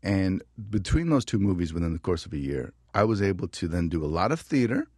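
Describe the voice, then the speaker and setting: Deep-voiced, animated male actor. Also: brisk, breathy edge, dry recording, clean studio sound. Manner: animated, laughing, acts out voices in anecdotes. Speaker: actor and interview guest. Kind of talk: casual storytelling.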